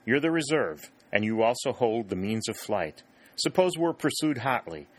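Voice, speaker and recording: A man doing a calm, soothing young soldier. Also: mid-range voice, moderate pace, pitched above the performer's own voice. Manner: soothing, reasoning. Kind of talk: audiobook character voice.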